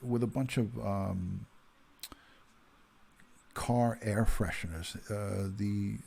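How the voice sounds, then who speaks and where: Husky low-voiced man in his fifties. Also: steady tone, extremely slow, mellow. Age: 50s. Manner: chatty, greets viewers by name, many ums and uhs. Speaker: retired police detective hosting a livestream. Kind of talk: casual livestream chat.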